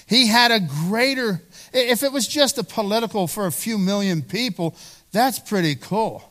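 High-voiced earnest male pastor preaching. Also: moderate pace, pushed and bright. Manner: earnest, repeats words when building a point. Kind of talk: sermon.

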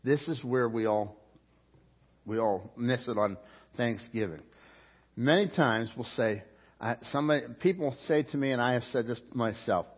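A man's voice: mid-range voice, moderate pace, breathy edge, lo-fi sound. A middle-aged male pastor preaching a conversational sermon, full of rhetorical questions and restarts.

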